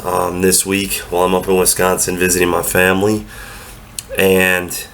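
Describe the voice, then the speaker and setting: Nasal from a cold, a young powerlifting vlogger gives a casual, matter-of-fact voiceover about his training. His voice sits low with a fairly bright tone, and there's slight background noise.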